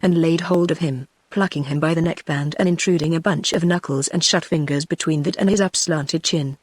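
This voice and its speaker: A synthetic text-to-speech woman's voice with a British accent, reading a novel as scripted narration in a steady tone. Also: low-pitched, a little fast, few pauses, no room sound. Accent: British English. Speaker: audiobook narrator.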